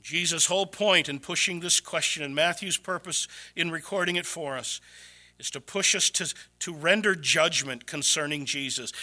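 A male pastor delivers a sermon in a church with a high, very bright and forceful voice. His preaching is dramatic, dropping to hushed near-whispers for emphasis, then rising to loud, high-pitched exclamations. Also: normal speed.

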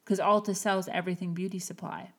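A woman hosting a podcast, giving an earnest, encouraging motivational talk with slow, emphatic phrasing. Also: lowish voice, little pitch movement, fairly bright tone, slightly rough. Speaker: podcast host. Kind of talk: motivational monologue.

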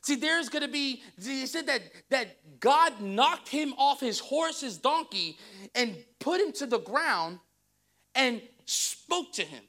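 A woman pastor preaching a sermon, reading scripture and joking with the congregation in a lively way. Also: high voice, slow.

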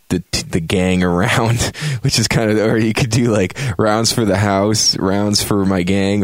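A man with a low voice talks through a video game in a loose, rambling podcast review. He swears freely, laughs at his own asides and circles back on his points. The sound is dry and close, with no room around it. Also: dry recording. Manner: rambling, profane, jokey asides. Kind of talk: casual spoken game review. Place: home, drinking a beer on a Saturday.

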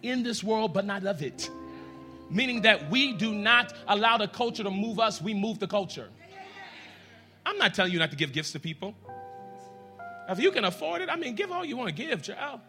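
A pastor preaches in a church with a high, bright, ringing voice. He speaks straight to his congregation and swings between hushed asides and loud, emphatic lines. Faint music plays behind him. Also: expressive, normal speed, long pauses. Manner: addresses the congregation directly, leads them in prayer. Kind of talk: sermon.

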